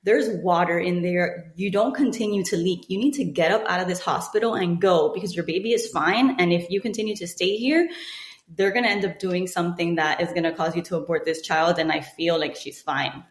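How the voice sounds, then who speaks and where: A woman in her thirties, a podcast guest telling a personal story with animated delivery, acting out what other people said. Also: fairly low pitch, brisk. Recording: echoey room.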